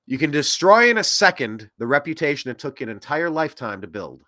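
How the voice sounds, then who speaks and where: A man hosting a political commentary show, ranting in an animated way that swings between loud and soft. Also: on the high side, fairly quick, no room sound, clean studio sound. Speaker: host.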